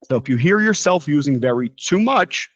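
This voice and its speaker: An American man teaching a live English lesson in a relaxed, chatty way with frequent asides. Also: fairly high pitch, moderate pace, rough recording. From United States. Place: living in Brazil, teaching from a quiet room.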